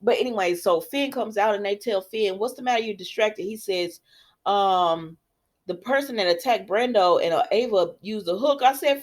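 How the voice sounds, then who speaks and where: A woman's voice: medium pitch, animated, measured pace. A woman casually retelling a soap opera episode in a rambling, chatty way, quoting the characters' lines. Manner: chatty, rambling, with many fillers and quoted dialogue. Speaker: soap opera recap host. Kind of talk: casual spoken recap.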